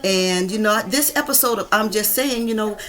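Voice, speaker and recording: A woman's voice: mid-range voice, moderate pace, fairly bright tone. A woman in her fifties from Georgia with a Southern accent, speaking her mind in an emphatic, impassioned vlog monologue from a room at home. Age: 50s. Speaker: vlogger. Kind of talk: venting monologue.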